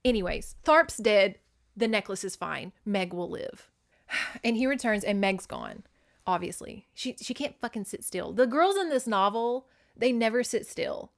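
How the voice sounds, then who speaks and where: A woman's voice: mid-range voice, animated, measured pace, vocal fry. A woman hosting a podcast, casually recapping a novel in a chatty, profane way with lots of "like" fillers. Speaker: podcast host.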